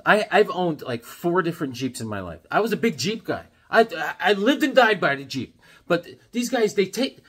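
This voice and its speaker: Husky, rambling middle-aged man. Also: a little high. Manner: rambling, jokey storyteller. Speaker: comic book collector vlogger. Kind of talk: casual show-and-tell chat.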